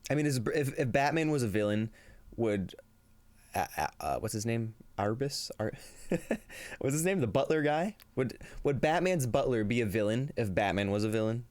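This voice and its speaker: In a casual livestream, a man with a medium-pitched, darkish voice talks animatedly at a normal speed, with no room sound. He reads his viewers' chat aloud, keeps things upbeat, and laughs frequently, yet comes across as weary and a bit shaky.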